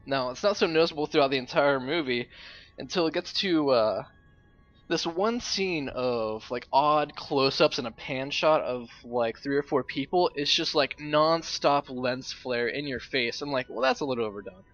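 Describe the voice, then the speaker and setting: A man's voice: medium pitch, moderate pace, fairly bright tone. Young guy rambling about movies while gaming, swears offhand, muffled cheap mic. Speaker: gamer and uploader. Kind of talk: rambling casual commentary over gameplay. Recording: lo-fi home mic.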